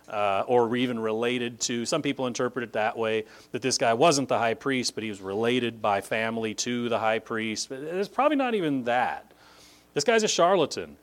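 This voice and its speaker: A man teaching a Bible passage, talking conversationally with frequent "like", and leaping high in pitch to stress key words.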